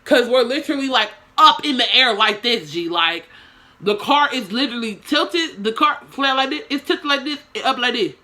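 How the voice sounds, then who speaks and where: A woman's voice: fairly high pitch, expressive, moderate pace, sharp tone. A young woman telling a story to her camera in casual slang, with swearing and lots of dramatic asides.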